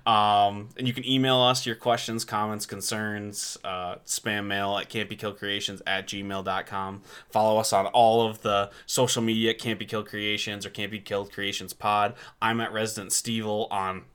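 A man hosting a podcast in a casual, joking chat, often breaking into laughs. His voice is low-set and bright, and he talks freely about family life and plugs his projects. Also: flat delivery, moderate pace, few pauses, smooth. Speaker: podcast host.

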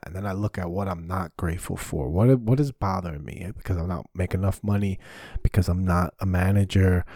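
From a small basement studio in his home, a stand-up comic talks solo on his podcast in a low, mellow voice with no echo. His casual monologue is rambling, frank, profane and packed with fillers.

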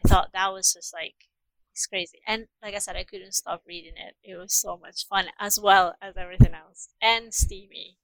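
A woman's voice: mid-range voice, steady tone, moderate pace, gravelly, no room sound, poor audio. A woman whose first language is not English, chatting eagerly as a podcast guest. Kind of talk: casual chat.

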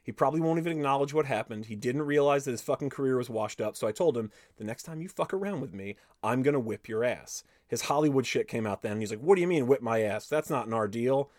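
Reading out a swear-filled interview with quoted exchanges, this podcast host occasionally breaks off to comment, telling it all in an animated, profane manner. He's a fast talker with few pauses and a middle-pitched voice. The sound is dry and close, with no room around it.

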